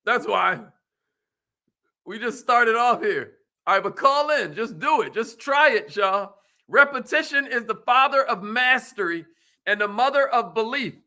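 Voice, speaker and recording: A man hosting a motivational talk, energetic and playful, with slangy banter aimed at a live audience. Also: very high-pitched, measured pace. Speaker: motivational show host.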